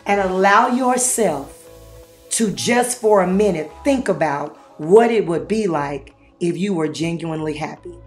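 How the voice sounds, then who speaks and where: A woman hosting a motivational faith talk, with a lively, preacher-like delivery and playful exclamations. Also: on the low side, a little slow, roomy sound, faint music behind. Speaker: host.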